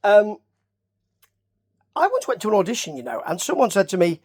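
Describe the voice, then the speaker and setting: This old-wrestling review comes from a man with a Nottingham English accent whose high voice is very animated and a little mellow, moving at a moderate pace. The commentary is a casual ramble full of tangents and questions thrown at the listener.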